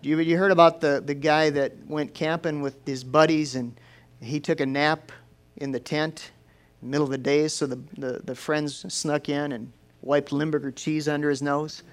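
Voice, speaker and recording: A man preaching a sermon in a folksy, lively storytelling way. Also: a little high, moderate pace, smooth.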